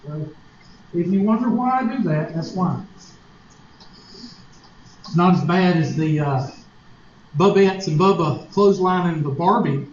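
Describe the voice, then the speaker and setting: A man's voice: high voice, expressive, a little slow, pauses often, slight background noise. A man with a Southern US accent, a teacher telling a folksy, joking story to his class. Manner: folksy, joking, mocks nasal voices. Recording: echoey lo-fi classroom recording.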